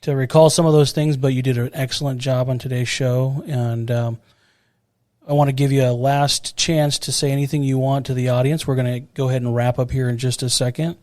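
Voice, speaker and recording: A man's voice: mid-range voice, level tone, a little fast, darkish tone, dry recording, studio quality. A man hosting a museum podcast, thanking his guest and wrapping up the show in a friendly way. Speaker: podcast host. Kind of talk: interview hosting and sign-off.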